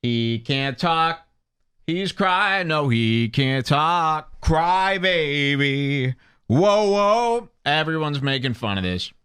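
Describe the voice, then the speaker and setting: A man's voice: medium pitch, fairly bright tone, smooth, dry recording, studio quality. A man hosting a comedy podcast, giving sarcastic, mocking commentary on a video clip. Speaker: podcast host.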